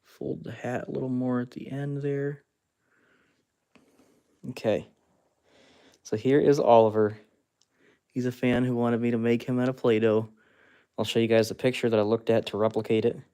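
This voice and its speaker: A man's voice: medium pitch, flat delivery, moderate pace, pauses often, dark tone, clear, resonant tone. A man hosting a casual live stream, chatting and laughing as he works with his hands and talks to viewers. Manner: chatty, laughs often, narrates while working with his hands; talks to fans and reads out chat. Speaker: live-stream host sculpting with clay.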